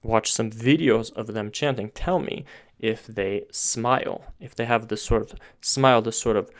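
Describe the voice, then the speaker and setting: A man's voice: fairly low pitch, unhurried. A man teaching singing technique, explaining step by step and often restarting his sentences as he thinks aloud. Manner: talks with his hands, pointing to parts of his throat and face.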